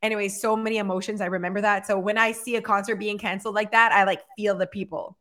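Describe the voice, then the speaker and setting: A woman co-hosting a casual chat, talking fast with lots of fillers and acting out what people say. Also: mid-range voice. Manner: chatty, filler-heavy, animated storytelling. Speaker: podcast co-host.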